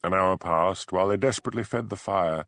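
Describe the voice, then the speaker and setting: A man reading an audiobook narration in a measured, expressive storytelling manner. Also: deep voice, no echo. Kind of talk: scripted narration.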